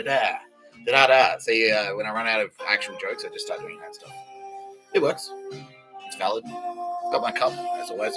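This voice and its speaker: A man's voice: mid-range voice, poor audio. A man hosting a comedy podcast, rambling through jokes, swearing and laughing at his own lines. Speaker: podcast host.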